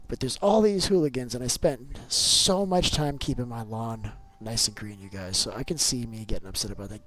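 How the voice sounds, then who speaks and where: A man's voice: medium pitch, expressive, fairly quick, few pauses, a bit bright, rough recording. A man streaming a video game live, chatting casually and going off on opinionated rants with loose, filler-heavy talk. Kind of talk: casual live gameplay chat.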